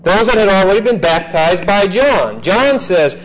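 A man teaching a classroom Bible lecture, slow and emphatic, often checking in with "okay?". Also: high voice, lively intonation, poor audio.

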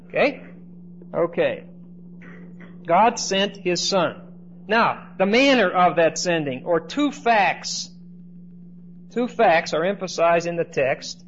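A man teaching a Bible class in lecture style, often checking in with his listeners by asking "okay?". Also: high-pitched. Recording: dull lo-fi recording with faint noise.

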